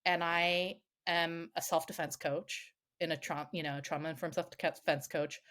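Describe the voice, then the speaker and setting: A woman, a self-defense coach on a podcast, tells a story in a lively, casual way, swearing freely and filling her speech with "like". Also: fairly low pitch, unhurried. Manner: animated, swears freely, many "like" fillers.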